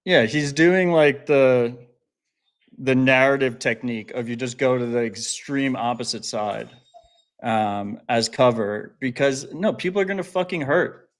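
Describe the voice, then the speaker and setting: A man's voice: medium pitch, a little slow. Blunt, profane male podcast co-host. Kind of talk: casual podcast chat.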